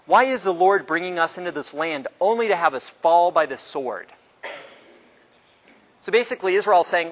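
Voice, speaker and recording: A man leads a casual Bible class, his voice sitting a little higher than most. He talks loosely and quizzes his listeners. He acts out quotes with sudden jumps in pitch. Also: lively intonation, moderate pace, long pauses, a bit bright. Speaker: Bible study teacher.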